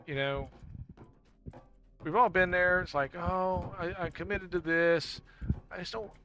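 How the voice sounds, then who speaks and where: A man streaming a video game, chatting casually and jokily with viewers, thanking them and breaking into laughs and sudden loud exclamations. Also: fairly high pitch. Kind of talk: casual live-stream chat while gaming.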